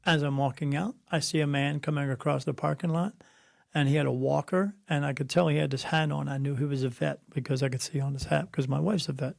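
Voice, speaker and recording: Interviewed about his work as a spirit medium, this middle-aged man delivers stories bluntly and preachily and mimics whoever he's quoting. He talks fast in a slightly high, creaky voice with fairly even intonation, recorded dry at studio quality.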